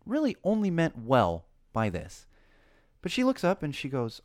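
Casual male host, 30s, lively storyteller with emphatic swings, dry close mic. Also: a little high, normal speed, dry recording. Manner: animated storytelling, rising to passionate emphasis. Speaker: podcast host. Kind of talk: casual chat.

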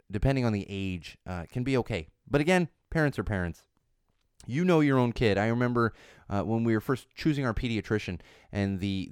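A man in his thirties with a lowish voice hosts a parenting podcast, speaking casually on his own. He's emphatic and repetitive, full of fillers and restarts, and the clean tone comes through with studio quality and no room sound.

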